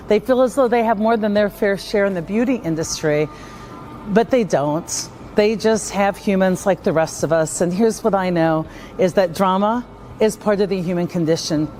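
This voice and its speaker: A woman speaking about leadership at a conference, energetic and acting out the voices of the people she quotes. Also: mid-range voice, a little hiss or hum. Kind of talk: conference talk and vlog.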